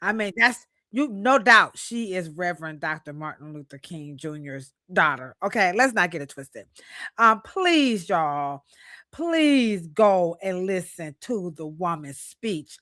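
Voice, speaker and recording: A woman with a lowish, unhurried voice hosts a live podcast, chatting casually and playfully. She's lively and sometimes bursts into song, and the recording is dry and studio quality.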